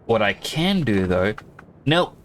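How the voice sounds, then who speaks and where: A man's voice: fairly low pitch, big pitch swings, slow, slight background noise. A man with an Australian accent giving casual, joking commentary while streaming a game. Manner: chatty, joking, thinks aloud.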